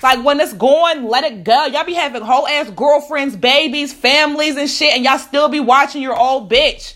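A woman's voice: high-pitched, moderate pace, few pauses, fairly bright tone. A woman, ranting bluntly to camera, profane and emphatic with repeated rhetorical questions.

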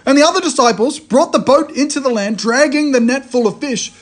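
A man giving a conversational sermon, retelling a story in a lively way and often restarting his phrases. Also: very high voice, brisk. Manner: animated storytelling, frequent restarts. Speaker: preacher.

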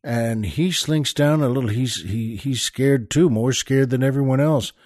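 A man's voice: medium pitch, unhurried, a little mellow, no echo, clean studio sound. A man from the New York area hosting a show, telling jokes and stories in a rambling, chatty way with lots of asides. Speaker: podcast host. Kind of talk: comic storytelling monologue.

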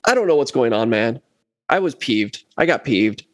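Animated man telling a gig story. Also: medium pitch, normal speed, no room sound, clean studio sound. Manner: animated, acts out quotes of others. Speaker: bass player telling a story. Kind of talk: casual chat, storytelling.

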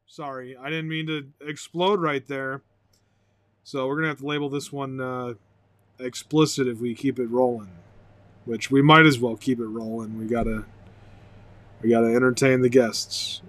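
A high-voiced man rambles through a solo podcast monologue. He is excitable and profane, breaking into loud outbursts and laughter. The sound is dry and close, with no room echo. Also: moderate pace. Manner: excitable, swears loudly, bursts into shouting and laughter. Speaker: podcast host.

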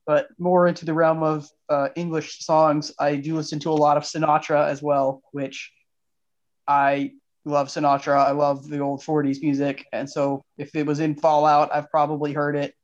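A man's voice: fairly high pitch, monotone, moderate pace, lo-fi sound. A young man, an engineering student guest, chatting in a playful, upbeat way on a podcast. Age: young adult. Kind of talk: casual interview chat.

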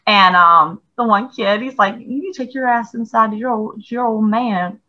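A middle-aged woman telling stories in a casual podcast chat, animated, laughing and swearing freely. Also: a little high, moderate pace, lo-fi sound. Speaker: podcast co-host.

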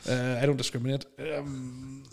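A Northern Irish man co-hosting a podcast in loose, casual chat. His voice sits at a middling pitch, and he laughs and swears freely, with plenty of fillers along the way. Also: flat delivery, measured pace, creaky. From Northern Ireland. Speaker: podcast co-host.

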